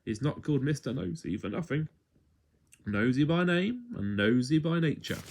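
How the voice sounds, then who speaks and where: A man reading a children's story aloud at home in an expressive, playful way. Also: on the high side, moderate pace, gravelly, breathy edge.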